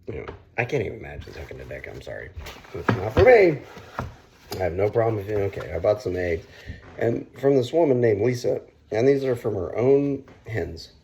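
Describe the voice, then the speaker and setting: Profane, rambling man with lively pitch. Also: a little fast, creaky, dull audio, a little hiss or hum. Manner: profane, rambling, bursts into loud outcries. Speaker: cooking vlogger. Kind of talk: casual rambling cooking vlog.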